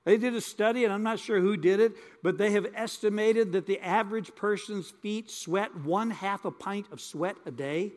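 A man's voice: sits high, normal speed, few pauses, big-room sound. An older male pastor preaching in a folksy way, repeating words for emphasis. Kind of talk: sermon with storytelling.

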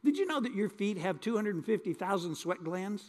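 Older guy preaching, kinda high voice, folksy, says stuff twice, big echoey hall. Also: animated, moderate pace, a little mellow. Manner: folksy, repeats words for emphasis. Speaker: pastor. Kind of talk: sermon with storytelling.

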